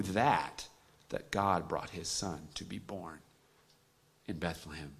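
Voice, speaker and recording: A man preaching a sermon, dropping to a hushed near-whisper and then rising to loud, emphatic peaks. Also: sits low, slow, gravelly, long pauses, slightly rough.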